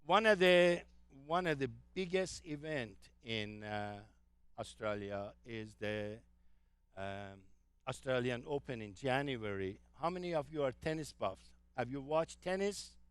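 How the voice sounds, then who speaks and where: A man's voice: mid-range voice, slow pace, a bit bright, clean tone, no echo. A man giving an enthusiastic travel talk to a live audience, telling anecdotes with frequent fillers. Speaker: travel presenter.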